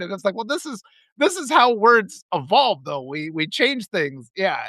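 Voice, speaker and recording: Middle-aged male host, casual rambling stream chat, high lively voice. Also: brisk, no room sound, clean studio sound. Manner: rambling, animated, frequent restarts and laughs. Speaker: author and live-stream host.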